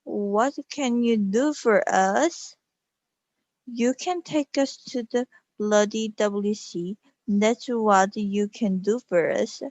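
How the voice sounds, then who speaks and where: A woman's voice: mid-range voice, takes it slowly, darkish tone, no room sound, close to an everyday voice. A woman voicing a grouchy, haughty old queen spirit with a put-on British voice, in a dull lo-fi recording.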